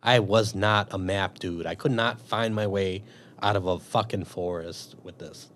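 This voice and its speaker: A man's voice: low-pitched, unhurried, slight background noise. A man, an army veteran and police officer, telling a long story in a casual interview, swearing freely and acting out what he thought back then. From Chicago. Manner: profane, animated storyteller acting out his own past thoughts.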